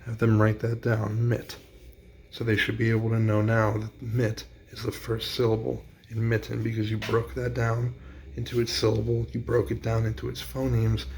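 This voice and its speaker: A man's voice: lowish voice, creaky, a little mellow, slight background noise. A man explaining a classroom teaching strategy in a plain, practical way. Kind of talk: instructional explainer.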